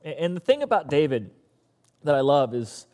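A man preaching a sermon as pastor, an animated storyteller who acts out the characters. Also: a little high, moderate pace, big-room sound.

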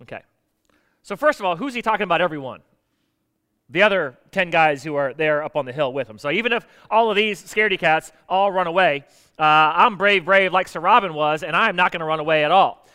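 A man preaching a sermon in a lively, animated way, acting out the people he quotes. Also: fairly high pitch, fairly quick, smooth. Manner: animated, acts out quotes with rising energy. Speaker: pastor. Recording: reverberant hall.

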